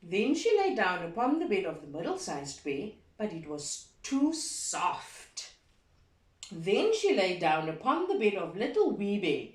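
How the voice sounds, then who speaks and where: A woman teacher reading a story aloud to children, animated and expressive, pausing to quiz the class. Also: medium pitch. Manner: animated, slow and expressive, asks the class questions. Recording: echoey room from far off.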